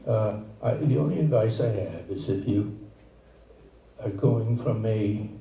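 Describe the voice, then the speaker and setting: A man's voice: fairly low pitch, animated, vocal fry, mellow. Older man rambling on a comedy stage. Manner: halting, rambling delivery with many restarts. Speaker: stand-up comedian. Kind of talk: stand-up set. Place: comedy theater stage, live audience. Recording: echoey room, far from mic, noisy.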